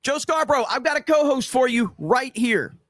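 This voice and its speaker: A man's voice: extremely high pitch, lively intonation, normal speed, a bit bright, dry recording, clean studio sound. A man hosting a podcast, giving casual, sarcastic commentary with mocking asides. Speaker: podcast host reacting to clips.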